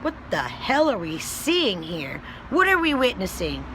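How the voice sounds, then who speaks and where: A woman's voice: medium pitch, huge pitch swings, unhurried, fairly bright tone, slight background noise, poor audio. A woman vlogger and self-described child advocate giving a blunt, profane, angry rant straight to her viewers. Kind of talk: ranting video commentary.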